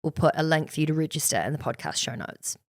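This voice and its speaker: A woman co-hosting a podcast in an upbeat, easygoing way. She reads promos smoothly and chats casually with her co-host. Her voice sits slightly low. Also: sing-song, fast. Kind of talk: casual chat.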